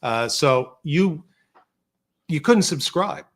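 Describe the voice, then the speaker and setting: A man's voice: fairly high pitch, lively intonation, takes it slowly, fairly bright tone. Chatty man telling long stories. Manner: rambling anecdotes with restarts and quoted dialogue. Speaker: podcast guest, filmmaker. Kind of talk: casual storytelling chat. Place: studio.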